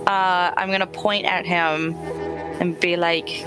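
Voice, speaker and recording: Slow, brash, swearing woman player. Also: fairly low pitch, level tone. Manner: brash and profane, swears freely. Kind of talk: playing a tabletop role-playing game. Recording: music playing behind.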